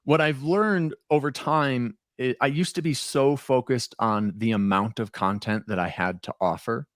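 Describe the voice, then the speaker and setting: A man's voice: medium pitch, measured pace, a bit bright, no room sound, clean studio sound. A man chatting casually on a podcast as a guest, talkative and rambling, restarting his sentences, a little stoned. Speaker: podcast guest and former co-host. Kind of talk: casual chat.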